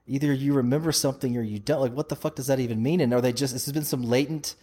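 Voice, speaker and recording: A man with a husky voice co-hosts a casual podcast and talks bluntly and excitably. He fires off questions and swears now and then in a loose, conversational way. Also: medium pitch, fast talker. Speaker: podcast co-host. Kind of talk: casual TV-show discussion.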